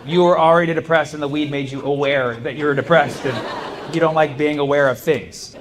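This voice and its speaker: A male stand-up comedian works a comedy club stage, loose and chatty, laughing through his punchlines. His voice is on the high side, steady, and moderately paced. The live recording picks up the noisy club audience.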